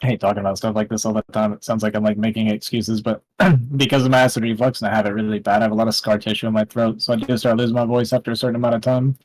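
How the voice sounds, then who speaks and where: A man co-casting a match, clearing his throat as his voice gives out. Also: fairly low pitch, little pitch movement, rapid-fire, few pauses, low-quality recording. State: losing his voice. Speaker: co-caster. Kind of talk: casual commentary chat.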